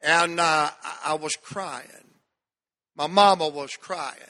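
High, bright-voiced preacher. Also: male voice. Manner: folksy storytelling, preaching with drawn-out emphasis. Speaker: pastor. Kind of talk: sermon. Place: church sanctuary. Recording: long church hall reverb.

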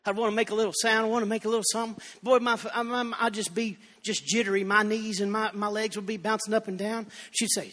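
A man preaching a revival sermon in a church, moving from storytelling into shouted fervor. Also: high voice, flat delivery, fast talker, hardly any pauses. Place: church sanctuary. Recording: long church reverb.

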